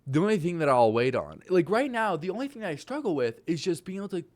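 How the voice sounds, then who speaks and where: A man of twenty-one giving a casual motivational rant, animated and swearing, his voice jumping into loud exclaims. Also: high voice, fast. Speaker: vlogger.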